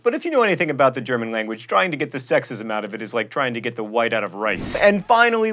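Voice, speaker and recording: A man hosting a scripted educational video, rattling through facts with quick, wry, pedantic delivery and deadpan asides. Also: medium pitch, faint music behind. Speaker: host. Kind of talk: fast scripted educational monologue.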